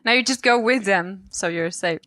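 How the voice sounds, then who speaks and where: A woman from Germany chats as a podcast guest and tells a travel story with a bright, clear tone. Her voice sounds close and dry, with little room sound. She laughs often and acts out other people's lines. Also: medium pitch, moderate pace, no echo. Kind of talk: casual storytelling. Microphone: remote call-in.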